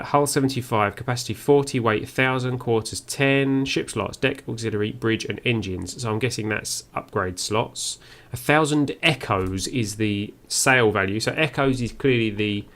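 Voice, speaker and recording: Gravelly man musing through a game. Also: mid-range voice, normal speed, hardly any pauses, a bit bright. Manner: musing, reads on-screen text aloud. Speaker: game streamer. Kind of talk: first-play commentary.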